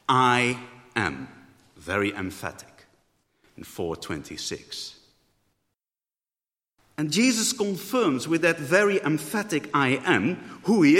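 A man's voice: mid-range voice, bright, forceful tone. A man preaching a sermon in a thoughtful way, often rephrasing mid-sentence. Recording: echoey hall.

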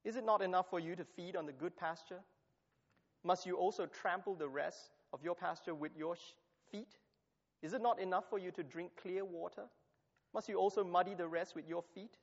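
A man's voice: high-pitched, creaky. A man preaching a sermon and reading scripture aloud, stressing key phrases by repeating them. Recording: long hall reverb, dull lo-fi sound.

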